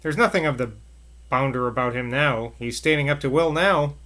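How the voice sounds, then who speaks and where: A man voicing an elderly nobleman with a gruff, aloof manner. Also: medium pitch, moderate pace, a bit bright, natural voice. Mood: wry. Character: an elderly nobleman, dry and weary.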